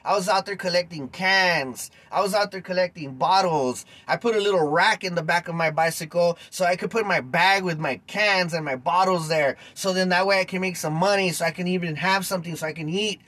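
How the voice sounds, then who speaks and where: A man's voice: high-pitched, fairly quick, hardly any pauses, bright, forceful tone, no room sound, poor audio. A man hosting a podcast, delivering a heated, blunt rant full of slang and speaking straight to his listeners. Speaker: podcast host. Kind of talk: ranting podcast monologue.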